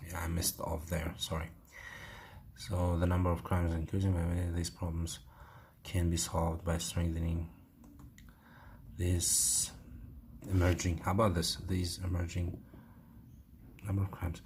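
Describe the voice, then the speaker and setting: A man's voice: low voice, completely flat delivery, unhurried, pauses often, a little mellow, slight background noise. A man with an Uzbek accent, teaching IELTS writing and thinking aloud with many fillers as he corrects an essay.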